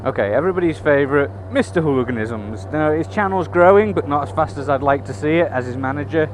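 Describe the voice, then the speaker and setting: A man's voice: on the high side, lively intonation, fast talker. Man chatting from his motorbike. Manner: swears freely, chatty and wry. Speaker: motorcycle vlogger. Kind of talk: casual chat while riding. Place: on a motorbike in city traffic. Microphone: helmet camera mic. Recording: road and engine noise.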